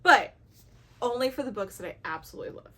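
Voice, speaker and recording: A woman's voice: fairly high pitch, animated, fast, a bit bright. A woman chatting casually to camera about books she loves, gushing and acting out her own reactions. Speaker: book reviewer.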